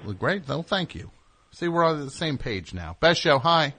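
A man's voice: a little high, big pitch swings, moderate pace, fairly bright tone, slightly rough. A man hosting a call-in radio show, talking in a sardonic, rambling, mock-indignant way. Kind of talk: casual call-in radio talk.

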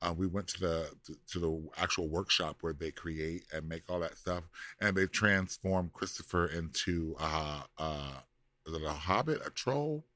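A man's voice: low voice, normal speed, a bit bright, no room sound. A man co-hosting a podcast in casual chat, sassy and drawling, laughing often. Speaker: podcast co-host.

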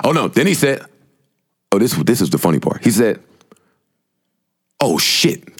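A man hosting a casual podcast, his pitch swinging widely as he tells a story and acts out what people said. He talks loosely, with plenty of profanity and quick asides. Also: slightly rough. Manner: animated storytelling, acting out quotes, profane. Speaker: podcast host. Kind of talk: casual chat.

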